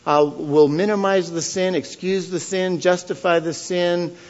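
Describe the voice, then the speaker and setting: A man giving a sermon as pastor, earnest and questioning the congregation, swelling to loud emphasis on key points. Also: high voice, steady tone, a little slow, dull audio. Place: church.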